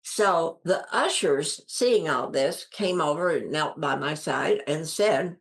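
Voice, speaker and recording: A deep-voiced older woman, animated and unhurried with hardly any pauses, relates a personal story as an interview guest. Earnest and emphatic, she performs other people's lines by raising her voice and repeats phrases for effect.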